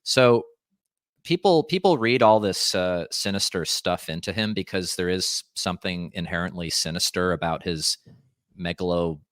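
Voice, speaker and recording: Guest: man, low resonant voice, rambling and reflective, dry room. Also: moderate pace, fairly bright tone, no echo. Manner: rambling, thoughtful, restarts and fillers. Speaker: podcast guest. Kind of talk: casual conversation.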